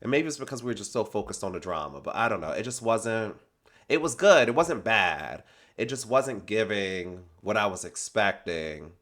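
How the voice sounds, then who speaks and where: A man talks through a reality TV episode in a slangy, sassy manner. His voice sits a little low. He stays animated and opinionated the whole way through. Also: moderate pace. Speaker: reality TV recap host. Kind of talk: casual reality TV recap commentary.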